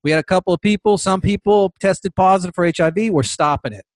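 A man from the United States holds forth on his podcast, turning sarcastic and animated and hammering home his points by saying them twice. His voice sits high for a man. The recording is dry and close, with no room sound. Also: fast, dry recording. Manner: animated, sarcastic, repeats phrases for emphasis. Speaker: podcast host. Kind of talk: opinion podcast monologue.

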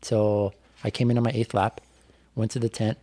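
A man's voice: fairly low pitch, little pitch movement, moderate pace, dark tone. A man, a bike racer, telling a personal story on a podcast in a candid, reflective way with lots of fillers. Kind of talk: casual podcast conversation.

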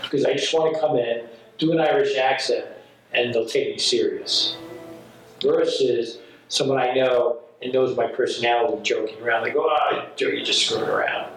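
A man's voice: mid-range voice, moderate pace, far from the mic, a little hiss or hum. A man from New York, a working actor, chatting casually and telling stories full of acted-out quotes. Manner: rambling, animated storyteller, acts out quotes. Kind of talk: casual conversation. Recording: echoey room from off mic, faint ambience.

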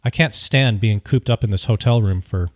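A man hosts a podcast and tells a story in an opinionated, wry, animated way. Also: on the low side, normal speed, no echo, studio quality. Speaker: podcast host. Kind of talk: casual storytelling.

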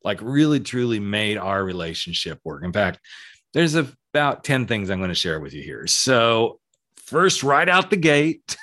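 A man's voice: sing-song, a little slow, sharp tone. A man over forty who grew up in the American South, hosting a solo advice podcast in a chatty, cheeky, emphatic way. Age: 40s or older. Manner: chatty, cheeky and emphatic, with swings in pitch and pace. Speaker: podcast host.

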